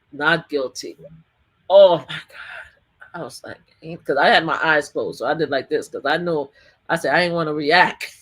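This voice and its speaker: A woman guest, a survivor advocate, tells a story in an animated interview. She laughs often and acts out what people said. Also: sits low, breathy edge.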